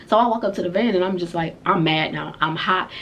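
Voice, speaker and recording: A woman vlogger telling a story in casual slang, animated and profane. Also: on the low side, fairly quick, a little hiss or hum. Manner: animated, profane retelling of a fight. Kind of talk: storytime vlog.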